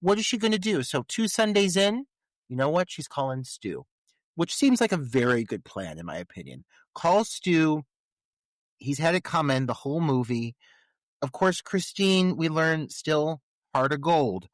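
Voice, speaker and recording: A man's voice: on the high side, sing-song, unhurried, no room sound. A man co-hosting a podcast, giving crude, joking commentary on a film. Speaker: podcast co-host. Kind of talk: casual chat recapping a film.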